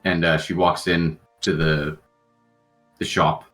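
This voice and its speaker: A man's voice: low voice, level tone, slow pace, a bit bright, soft background music. A man narrating as game master, rambling with frequent ums and uhs.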